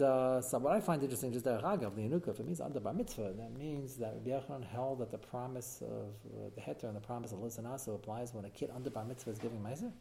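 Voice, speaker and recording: A man teaching a text-study class, explaining quickly and animatedly with frequent "uh" fillers. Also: medium pitch, vocal fry, dark tone.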